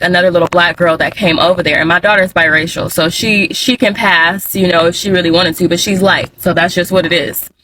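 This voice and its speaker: Heated blunt woman with a bright voice. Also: lowish voice, slight background noise, poor audio. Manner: heated, blunt, emphatic, repeats for emphasis. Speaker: mother vlogger. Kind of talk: angry personal vlog.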